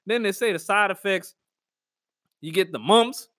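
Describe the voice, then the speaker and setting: A man riffing through a casual comedic monologue, animated and rambling, laughing at his own jokes. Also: high voice, unhurried, dry recording, studio quality. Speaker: comedic vlogger.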